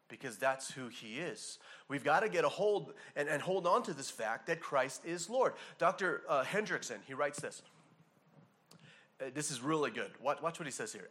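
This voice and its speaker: Delivering an emphatic sermon, this male pastor speaks at a moderate pace with a fairly high, sing-song, fairly bright voice. He keeps restarting, acts out asides, and pounds on individual words.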